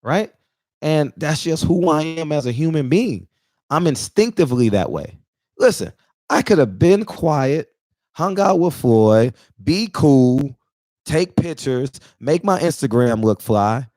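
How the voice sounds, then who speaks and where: A man's voice: on the high side, big pitch swings, unhurried, dark tone, dry recording. Man in his forties, emphatic and repetitive, choked with emotion, dead dry sound. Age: 40s. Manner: emphatic, preachy, repeats himself. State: near tears, emotional. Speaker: barbershop talk show regular. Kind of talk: impassioned casual monologue.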